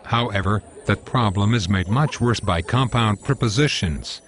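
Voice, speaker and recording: A man's voice: lowish voice, moderate pace, lightly acted. A male computer voice playing a legal writing coach who corrects plainly and matter-of-factly.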